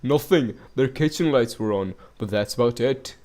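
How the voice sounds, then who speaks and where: A man voicing a gossipy middle-aged male neighbor in a game, attempting a rough Scottish-style accent. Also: mid-range voice, normal speed, darkish tone, lightly acted. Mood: chatty.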